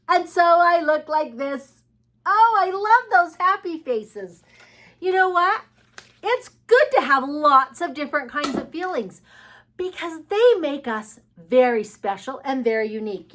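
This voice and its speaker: Woman, high and very lively, slow and sing-song, talks to preschoolers and asks them questions. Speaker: preschool teacher reading aloud. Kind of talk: read-aloud for young children.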